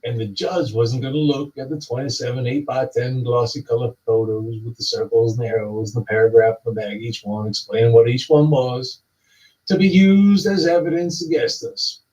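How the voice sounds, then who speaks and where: A man telling a long, rambling, repetitive spoken-word story that builds up to excited yelling. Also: mid-range voice, brisk, hardly any pauses. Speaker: storyteller performing a talking monologue. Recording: distant, dull lo-fi recording.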